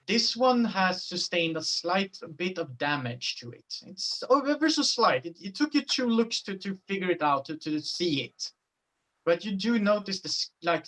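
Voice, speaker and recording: A man's voice: a little high, sharp tone, low-quality recording. A man narrating a tabletop horror game as game master, loose and rambling.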